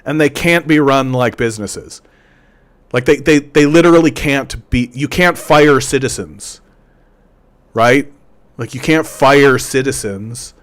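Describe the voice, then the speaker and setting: A man's voice: mid-range voice, unhurried. A man hosting a political commentary show, ranting sarcastically and stumbling over repeated words. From Canada.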